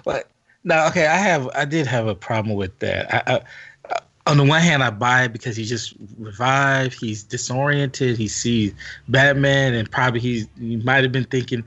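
A man's voice: medium pitch, moderate pace, fairly bright tone. A man co-hosting a podcast, chatting about a movie and politely disagreeing with thoughtful points. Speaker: podcast co-host. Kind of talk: casual movie review chat. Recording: slightly dull lo-fi sound.

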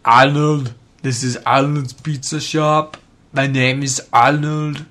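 A man putting on a goofy accented voice as a pizza shop owner, drawn out and loud. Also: mid-range voice, little pitch movement, slow. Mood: hammy.

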